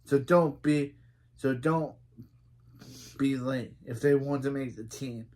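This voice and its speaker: A man's voice: medium pitch, takes it slowly, a little mellow, close to an everyday voice. A man putting on a British basketball coach. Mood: brisk. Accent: British (put on). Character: British male basketball coach, brisk and encouraging.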